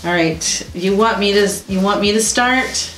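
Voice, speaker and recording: Craft lady chatting thru a project, laughs a lot, kinda echoey room w/ quiet music. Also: medium pitch, a little slow. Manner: chatty, laughs often, explains steps. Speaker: co-host of a crafting channel. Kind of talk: casual crafting chat.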